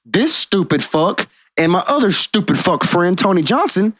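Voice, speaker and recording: A man co-hosting a podcast in casual chat, telling stories in a profane, animated way. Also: high voice, moderate pace, no room sound. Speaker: podcast co-host.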